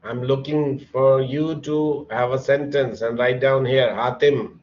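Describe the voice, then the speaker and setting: Male English teacher, unhurried and encouraging, mid-pitched voice, dull lo-fi sound. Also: fairly even intonation. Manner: slow, patient, encouraging, calls on students by name. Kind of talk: online classroom lesson.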